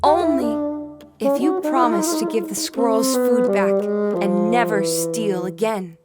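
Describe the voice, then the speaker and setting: A woman doing a bright, earnest little robin. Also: measured pace, natural voice. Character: brave, polite little female robin. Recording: voice over loud bassoon and percussion music.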